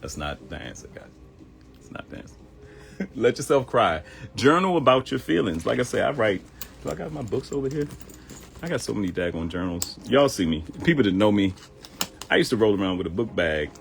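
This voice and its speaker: A man's voice: on the low side, big pitch swings, a little fast, gravelly, a little hiss or hum. A man hosting a live morning show, giving advice in a conversational, joking way. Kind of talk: casual livestream monologue.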